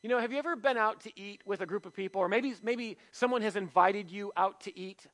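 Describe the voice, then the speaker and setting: A man with a notably high voice preaches to his church. He talks in a relaxed, conversational way, throws out rhetorical questions, and jokes about himself. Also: a little fast, poor audio. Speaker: pastor. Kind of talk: sermon.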